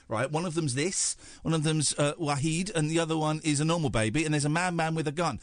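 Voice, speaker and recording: A middle-aged British man hosts late-night radio in a radio studio, speaking sarcastically in a mock-gushing manner. His slightly high voice moves at a quick pace with few pauses. The studio microphone yields a studio-quality sound with no echo.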